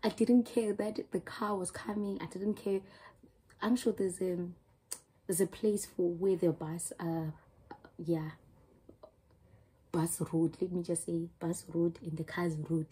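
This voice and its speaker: A woman's voice: on the low side, flat delivery, a little slow, pauses often, mellow, husky, rough recording. A young woman with a South African accent, telling a rambling, emotional storytime to her channel. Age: young adult. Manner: emotional, rambling retelling with many restarts. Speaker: YouTuber. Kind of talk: storytime vlog.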